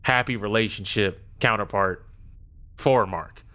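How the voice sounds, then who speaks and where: A man's voice: on the low side, a little slow, bright, forceful tone. A man co-hosting a podcast, giving emphatic, opinionated takes in casual chat and speaking to the comment section. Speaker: podcast co-host.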